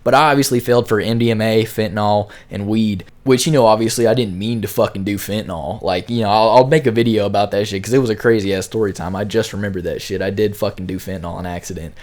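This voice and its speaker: A young man with a lowish voice rushes through a casual storytime, words tumbling out quickly. His telling rambles and is full of slang and swearing. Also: steady tone, a little mellow. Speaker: storyteller vlogger.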